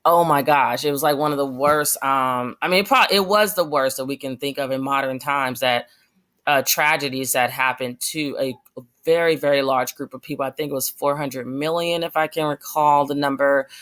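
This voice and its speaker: A woman's voice: a bass voice, moderate pace, a bit bright. A young adult woman giving passionate, rambling commentary on her vlog, with many fillers and restarts. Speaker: vlogger.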